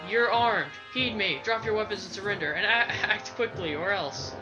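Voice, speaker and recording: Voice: mid-range voice, normal speed, dull audio, natural voice. A let's play commentator voicing a hostile enemy captain who barks threats, with game music playing behind. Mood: threatening. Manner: barking threats.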